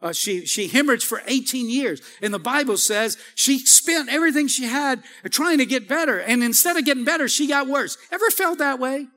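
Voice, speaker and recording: A man preaching a sermon as pastor, calling for responses from the congregation and building to shouts. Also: extremely high pitch, brisk, few pauses. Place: church sanctuary. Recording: long hall reverb.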